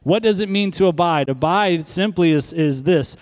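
A man preaching a sermon as pastor, stressing and repeating key words and slowing down for emphasis, speaking in a church sanctuary. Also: high voice, darkish tone. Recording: long hall reverb.

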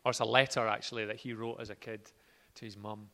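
Preacher in a reverberant hall. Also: male voice, on the low side, little pitch movement, fast talker. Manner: earnest, builds from quiet to loud. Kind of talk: sermon.

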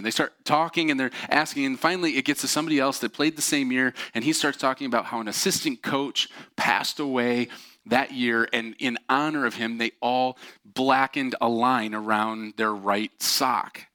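A man's voice: medium pitch, moderate pace, pushed and bright. A man preaching a sermon, telling a story and acting out the voices of the people in it. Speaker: pastor.

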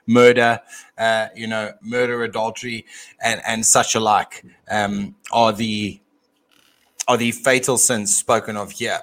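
A man co-hosting a casual talk show and teaching from scripture, often pausing and repeating words as he thinks aloud. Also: lowish voice, flat delivery, a bit bright. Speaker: podcast co-host and Bible teacher; father.

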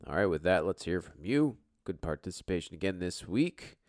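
A man's voice: low voice, big pitch swings, normal speed, darkish tone, dry recording, clean studio sound. A man hosting a casual podcast, brash and joking, swearing freely as he runs through rankings. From US East Coast. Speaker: podcast host and league commissioner. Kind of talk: casual, profane commentary.

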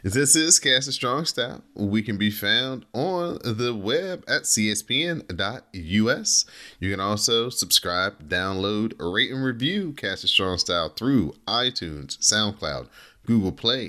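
A man's voice: lowish voice, big pitch swings, takes it slowly, sharp tone. A man hosting a casual wrestling podcast, reading results and joking with his co-hosts in a laid-back way. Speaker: podcast host.

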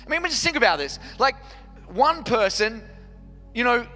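A man's voice: very high voice, sing-song, moderate pace, pushed and bright. A man, preaching a sermon as pastor with an earnest, repetitive cadence. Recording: long reverb hall with faint music.

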